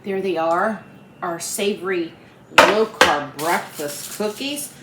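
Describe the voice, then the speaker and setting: A woman's voice: on the low side, slow pace. Friendly Appalachian woman, home cooking host, chatty and upbeat, echoey kitchen. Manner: chatty, homey and upbeat, talking to viewers as friends. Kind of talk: casual cooking vlog. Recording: roomy kitchen with faint background hum.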